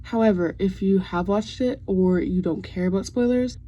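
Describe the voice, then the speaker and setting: A young woman talking loosely to her camera at home, rambling and swearing as she goes. Her voice is mellow and a bit husky, relaxed in tone. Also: medium pitch, moderate pace, lo-fi sound. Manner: chatty, swears freely, rambling fan rant. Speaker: vlogger. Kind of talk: casual vlog chat.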